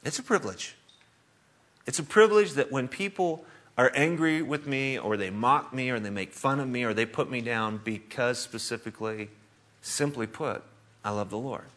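A man's voice: medium pitch, moderate pace, a bit bright. A middle-aged man preaching a sermon as pastor, telling a story and laughing often as he talks.

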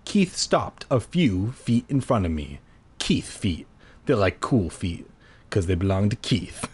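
A man's voice: fairly low pitch, big pitch swings, unhurried, a little mellow, breathy edge. A man reading a horror story aloud for comedy, breaking off with jokey, self-mocking asides.

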